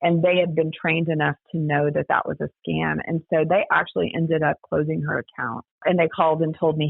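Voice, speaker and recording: A woman's voice: low-pitched, steady tone, brisk, vocal fry, few pauses, breathy edge, no room sound. A woman guest telling her story in a chatty, casual way, full of "like" and "you know", heard over a remote call. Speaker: guest, daughter of a scam victim. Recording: tinny phone-line sound.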